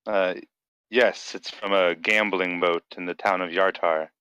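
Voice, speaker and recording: A man's voice: low-pitched, steady tone, measured pace, bright, forceful tone, clean tone, no room sound, rough recording. A man playing a tabletop role-playing game over voice chat, laid-back and jokey. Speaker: player. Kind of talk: casual tabletop game talk. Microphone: voice chat mic.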